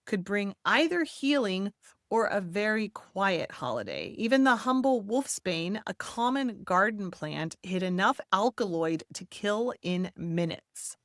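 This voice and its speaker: A woman narrates a history podcast from a script, leaning into words with playful, theatrical emphasis and drifting into chatty asides. Her voice sits mid-pitched and is recorded dry and close, with no room around it. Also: fairly bright tone, no echo.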